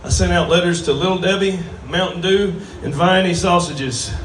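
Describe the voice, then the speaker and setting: A man with a high-sitting voice does a stand-up set on a brewery stage before a live audience, talking at a normal speed. He's drawling and crude, mocking himself throughout. The recording catches him from a distance in a roomy live venue, with a noisy background.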